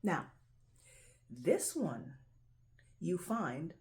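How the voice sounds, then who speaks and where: A Jamaican woman hosts her own video, chatting casually to the camera while showing things, repeating herself and often asking "right?" Her fairly low voice is a little mellow, with lively intonation, a slow pace and long pauses.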